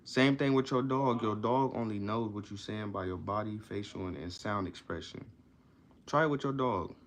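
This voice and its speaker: Speaking at a normal speed in a fairly low voice, a man reads aloud from a self-help book and unpacks each passage with slangy, offhand commentary. He tends to repeat and restart, and slight background noise is audible.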